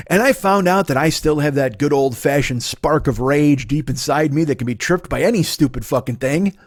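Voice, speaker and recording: A man in his forties is telling a comic story, swearing freely and working himself into a rant as he goes. His voice sits a little high for a man. The recording is close and dry. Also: normal speed, few pauses, no echo. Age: 40s. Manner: profane, ranting retelling with shouted quotes. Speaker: comedian. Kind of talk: storytelling monologue.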